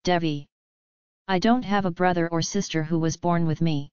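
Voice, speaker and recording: A woman's voice: on the low side, fairly even intonation, moderate pace, a little mellow, clear, resonant tone, dry recording, lo-fi sound, close to an everyday voice. A woman voicing a distressed young noblewoman who pleads earnestly in formal speech. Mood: pleading.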